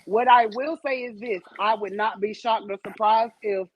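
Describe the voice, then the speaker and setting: A woman's voice: on the high side, fairly even intonation, moderate pace, breathy edge, dull audio. A woman co-hosting a comedy podcast, reading news stories aloud with blunt, profane, chatty commentary. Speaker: podcast co-host.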